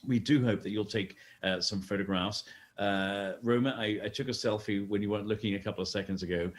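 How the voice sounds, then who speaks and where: A man's voice: on the low side, steady tone, brisk. A man co-hosting a virtual fundraising gala, chatty and joking as he urges viewers to give. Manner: chatty, jokey, urging viewers to donate. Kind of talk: scripted event hosting with playful banter.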